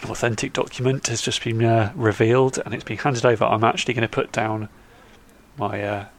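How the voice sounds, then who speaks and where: A man's voice: medium pitch, steady tone, fairly quick. A man co-hosting a podcast, trading dry, wry banter in casual chat. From England. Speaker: podcast co-host.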